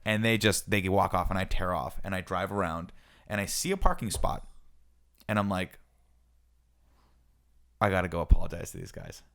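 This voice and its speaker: A man's voice: sits low, normal speed, pauses often. A young man co-hosting a podcast, telling a story in casual chat and acting out the lines of the people in it. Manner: animated storyteller, acts out quoted lines. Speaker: podcast co-host.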